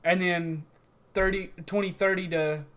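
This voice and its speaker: A man's voice: sits high, steady tone, unhurried, a bit bright. A man co-hosting a podcast in casual chat, blunt and joking, arguing his point. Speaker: podcast co-host.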